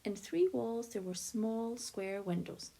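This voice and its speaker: A woman doing a patient old grandfather in a storybook reading. He chooses his words carefully and speaks with a slightly formal turn. The voice is mellow and somewhat husky. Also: fairly high pitch, takes it slowly, exaggerated voice. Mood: reading aloud.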